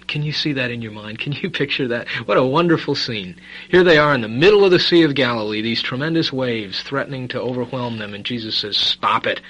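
A man preaching a sermon as a Bible teacher, emphatic and full of rhetorical questions, swinging between loud stress and quiet asides. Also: mid-range voice, low-quality recording.

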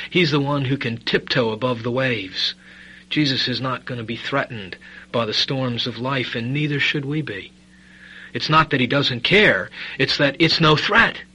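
A man preaching a sermon as a Bible teacher, emphatic and full of rhetorical questions, swinging between loud stress and quiet asides. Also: medium pitch, slightly rough, low-quality recording.

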